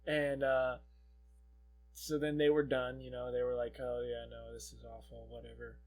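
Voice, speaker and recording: A man's voice: mid-range voice, monotone, normal speed, a little mellow. A young man co-hosting a podcast, telling a rambling, profanity-laced story in casual chat. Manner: rambling storyteller, swears a lot. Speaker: podcast co-host.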